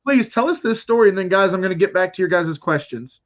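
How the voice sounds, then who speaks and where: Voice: medium pitch, lively intonation, quick pace, lo-fi sound. An enthusiastic interview show host chatting with a guest and speaking to the viewers. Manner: enthusiastic, addresses the viewers directly. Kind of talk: casual interview hosting.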